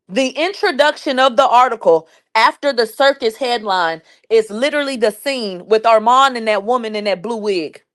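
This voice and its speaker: A woman with a high voice does reaction commentary on her channel. She reads an article aloud and breaks in with loud, sarcastic, profane remarks. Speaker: commentary YouTuber.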